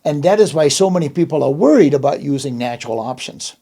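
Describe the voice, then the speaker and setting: A man's voice: on the high side, lively intonation, fast, dark tone. A man hosting an interview in casual chat, emphatic and often restarting his words. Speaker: host.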